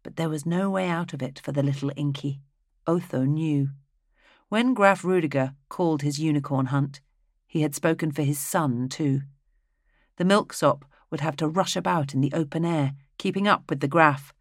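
An audiobook narrator reading a fantasy novel in an even, steady storytelling manner into a close mic. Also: medium pitch, normal speed, no echo.

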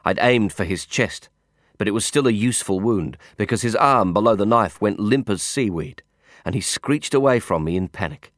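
A man reads a novel aloud in the first person with a low voice. His telling is measured and intense. The recording is dry and close, with no room sound. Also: expressive, fairly bright tone, dry recording. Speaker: audiobook narrator. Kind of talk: scripted first-person narration.

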